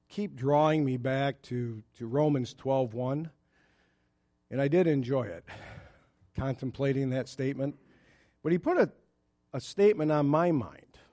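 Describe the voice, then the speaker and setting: A man's voice: on the high side, darkish tone. A man preaching a sermon in an earnest, conversational way, stressing scripture quotes. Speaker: pastor.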